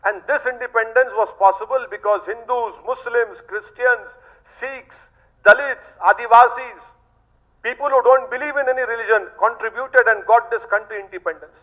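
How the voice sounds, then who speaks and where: High-voiced Indian man, impassioned. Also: normal speed. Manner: emphatic, repeats rhetorical phrases, addresses the leader directly. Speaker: politician. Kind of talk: impassioned political statement to the press. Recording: muffled lo-fi recording.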